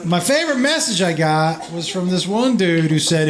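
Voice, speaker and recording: A man's voice: high-pitched, expressive, moderate pace, noisy background. A man performing a stand-up routine, telling a story with exasperated, crude rants and acted quotes. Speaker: stand-up comedian. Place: comedy club stage. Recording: echoey room with loud crowd laughter. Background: loud audience laughter.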